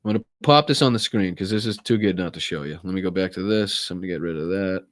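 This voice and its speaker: Boston male host, lowish voice, dry close sound, sarcastic and profane, reads headlines with asides. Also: quick pace, no room sound. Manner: profane, sarcastic, laughs at the news; reads news aloud with stumbles and asides. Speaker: political talk show host. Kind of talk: live-stream political commentary.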